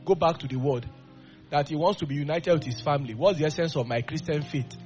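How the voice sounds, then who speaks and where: A man preaching a sermon with fervent delivery, dropping to quiet asides and rising into loud bursts. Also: a little high, quick pace, soft background music. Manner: acts out quoted voices.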